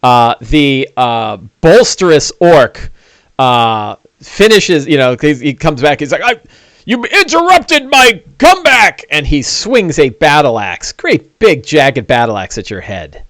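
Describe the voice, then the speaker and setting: Animated man running a tabletop game. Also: mid-range voice, measured pace, dry recording. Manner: animated storytelling with fillers and asides. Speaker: game master.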